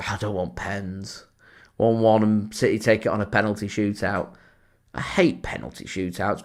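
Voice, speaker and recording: A man with a Lancashire accent hosting a live football watchalong, chatting at length and answering viewer comments. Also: on the low side. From Lancashire, England. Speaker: fan channel host.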